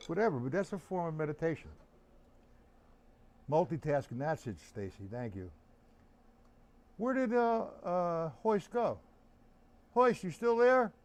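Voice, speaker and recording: A man's voice: fairly high pitch, very animated, unhurried, pauses often, darkish tone. A man teaching drums on a live stream, chatting loosely and answering viewers by name. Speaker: drum teacher. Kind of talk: live-streamed drum lesson.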